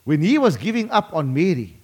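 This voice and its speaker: A man preaching a sermon, emphatic and slowing down dramatically to drive points home. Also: fairly high pitch, big pitch swings, slightly rough. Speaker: pastor.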